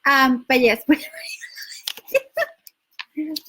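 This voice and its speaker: A woman's voice: high-pitched, unhurried, a bit bright, slight background noise, rough recording. A woman from Spain with a Spanish accent, chatting casually on a live stream, giving dating advice, laughing often and reading out viewer comments. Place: her home in London.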